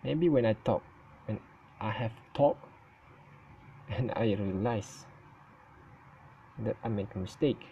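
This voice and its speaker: A man whose first language is Malay, giving his opinion in casual talk on his channel, halting and stuttering and often correcting himself. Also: fairly low pitch, gravelly, dull audio, slight background noise. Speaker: vlogger. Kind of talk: casual spoken opinion recording.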